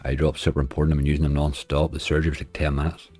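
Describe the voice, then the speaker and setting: A man's voice: very deep voice, flat delivery, very fast, a little mellow, breathy edge, soft background music. A man streaming slots, chatting casually and answering viewers' comments. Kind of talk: casual livestream chat.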